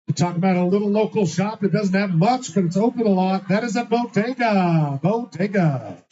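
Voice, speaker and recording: A man's voice: sits high, a little fast, dark tone. A man hosting a live trivia night, reading out answers with a teasing, sarcastic manner. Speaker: trivia host. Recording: dull lo-fi sound.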